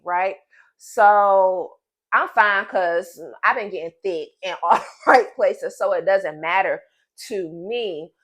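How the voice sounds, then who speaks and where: A pregnant woman in her thirties venting to camera in a casual vlog, emphatic and animated, talking straight to her viewers. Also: mid-range voice. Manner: emphatic and animated, addresses viewers as "y'all" and "girl". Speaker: vlogger.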